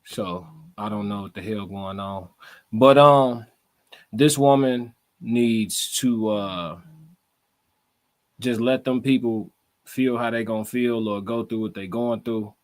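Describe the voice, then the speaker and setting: A man's voice: fairly low pitch, slow pace. A man hosting a live stream, reacting to a clip in a laid-back, blunt and profane way. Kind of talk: casual reaction commentary.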